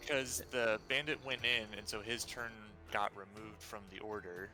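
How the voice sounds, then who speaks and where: A man playing in an online tabletop game, with a lowish voice and a bright edge. He talks in an easygoing, halting way, filling gaps with fillers. Faint music runs in the background. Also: steady tone. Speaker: player. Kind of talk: casual tabletop game chat.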